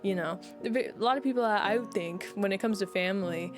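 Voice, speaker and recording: A young woman streamer chatting with her viewers in a loose, rambling way. Her voice sits at an ordinary middle pitch, and she sounds heartfelt as she circles back on her words. Soft music plays faintly behind her. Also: quick pace. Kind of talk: casual chat with viewers.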